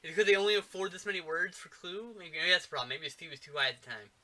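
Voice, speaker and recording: A man co-hosting a casual movie-review podcast, animated and swearing often, with lots of fillers. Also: high-pitched, racing. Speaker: podcast co-host.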